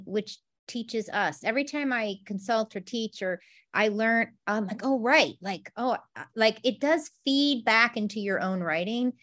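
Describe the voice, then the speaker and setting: A woman co-hosting a podcast, talking in a warm, encouraging way and reflecting back what her friend says. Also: medium pitch. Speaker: podcast co-host. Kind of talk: supportive casual chat.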